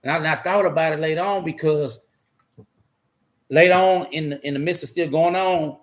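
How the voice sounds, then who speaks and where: A man's voice: on the high side, normal speed. A man candidly telling his life story in a rambling, profane way, repeating himself as he goes.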